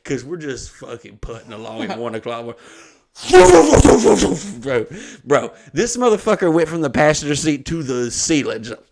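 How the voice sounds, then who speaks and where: A man's voice: mid-range voice, brisk, few pauses, noisy background. Profane storytelling man. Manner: animated, swearing, bursts of laughter. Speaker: podcast co-host telling a story.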